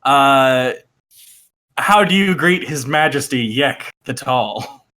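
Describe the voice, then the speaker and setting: A man's voice: medium pitch, expressive, takes it slowly, bright, forceful tone. A man running a tabletop game as game master, narrating with chuckles and fillers.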